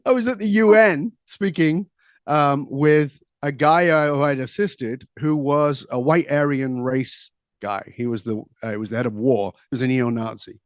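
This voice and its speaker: A middle-aged man, a guest on an interview show, telling stories in an animated, conversational way, laughing easily and throwing in quick asides. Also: a little high, no room sound, clean studio sound. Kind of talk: conversational storytelling.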